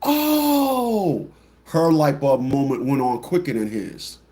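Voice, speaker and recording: A man hosting a livestream talk show, telling a story bluntly and mockingly, repeating phrases and mimicking people with shrill squawks. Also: moderate pace, dark tone. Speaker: radio show host.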